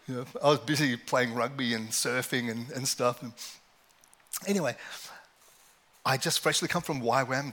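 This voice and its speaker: A man's voice: medium pitch, bright, forceful tone, slightly rough. A middle-aged man preaching a sermon in a conversational, self-deprecating way, telling personal stories and laughing often.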